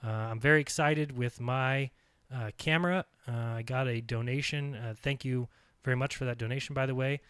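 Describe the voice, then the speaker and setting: This channel host has a clear, resonant, fairly bright voice at medium pitch, speaking at a moderate pace in a steady tone. The recording is dry with clean studio sound. Reacting to a video, he talks while eating and comments insistently over the clips, emphatically repeating his points.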